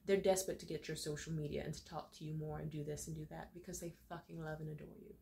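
A young woman talks to her viewers from home, tearful but happy, her voice a touch low as she gushes her thanks. She laughs through the crying and her words tumble out. A faint hiss sits under the recording. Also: level tone, quick pace, creaky, mellow. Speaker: vlogger. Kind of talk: emotional direct-to-camera vlog. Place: home room.

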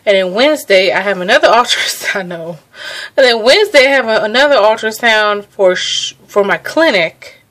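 A young woman talks casually to her viewers in a vlog. She sounds a little out of breath, chatty and easily amused, breaking off sentences and starting them again. Her voice sits at an ordinary pitch for a woman. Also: a bit bright. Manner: chatty, laughs often, restarts sentences. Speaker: pregnancy vlogger.

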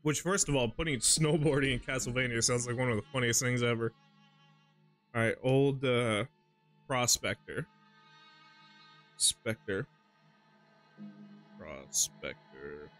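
A man's voice: medium pitch, measured pace, long pauses, a bit bright, soft background music. A man streaming a horror video game, rambling casually, swearing and laughing often. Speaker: gaming streamer. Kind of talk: casual gameplay commentary.

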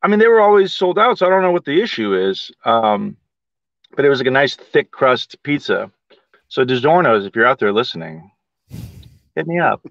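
A man's voice: mid-range voice, sing-song, moderate pace, gravelly, a bit bright, no room sound. Casting: easygoing male co-host, rambling chat, muffled dry recording. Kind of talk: casual livestream chat.

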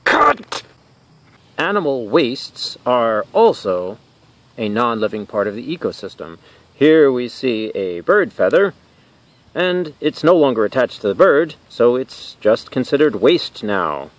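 A man's voice: medium pitch, sing-song, measured pace, no echo. A man hosting a comedic science lesson outdoors, talking earnestly and in a mock-serious way, easily flustered. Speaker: science show host. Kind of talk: comedic educational presentation. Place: outdoors in a natural area.

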